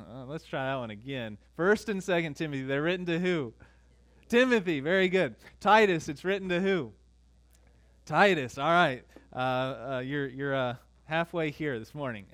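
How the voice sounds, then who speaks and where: A man's voice: on the high side, a bit bright. A middle-aged man preaching a sermon as pastor, conversational and full of fillers, quizzing his congregation.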